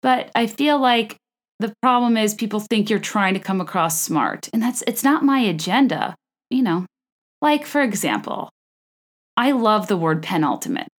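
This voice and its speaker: A woman's voice: medium pitch, animated, normal speed. A young woman from the American South hosting a solo podcast, rambling casually and poking fun at herself. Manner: chatty, self-deprecating, rambling with restarts and laughs. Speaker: podcast host.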